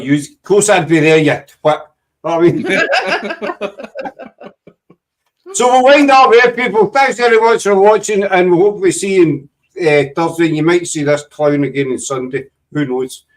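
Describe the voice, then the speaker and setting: A Scottish man hosts a loose video-call chat, cracking jokes and teasing his guests. His voice sits on the higher side and sounds a little distant from the microphone. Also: moderate pace. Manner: jokey, teasing, rambling. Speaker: host. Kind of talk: casual chat.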